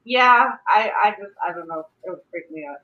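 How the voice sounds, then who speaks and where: A middle-aged woman hosting a casual live stream, chatty and quick to laugh. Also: mid-range voice. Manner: laughs often, chatty and animated. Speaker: livestream host. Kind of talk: casual chat. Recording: dull lo-fi stream audio.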